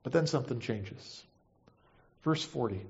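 A man's voice: medium pitch, lively intonation, a little slow, vocal fry, lo-fi sound. A man preaching a sermon, retelling scripture and acting out the quoted voices with feeling. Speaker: pastor.

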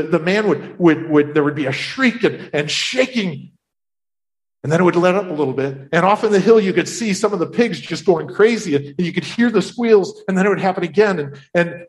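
Man storyteller, in character, fairly high voice, animated, restarts often. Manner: animated, breathless telling with many restarts. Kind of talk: first-person Bible story told in character.

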